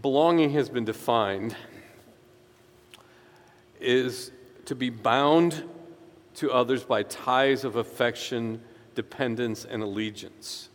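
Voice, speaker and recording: A man delivering a sermon at an everyday pitch, earnest and emphatic, leaning on key phrases and slowing to let them land. His voice carries through a long hall reverb. It sounds like a pastor speaking in a church. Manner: earnest, emphatic preaching with slow stressed phrases.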